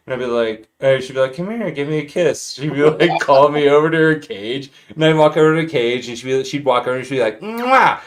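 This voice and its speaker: A man's voice: mid-range voice, fast, hardly any pauses, slight background noise. A man telling stories in casual chat. He rambles and laughs often. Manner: rambling, laughs often, imitates his parrot.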